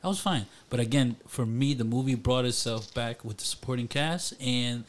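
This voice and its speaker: A man co-hosting a podcast in casual chat, animated, laughing often and swearing freely. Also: mid-range voice, moderate pace, slight background noise. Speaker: podcast co-host.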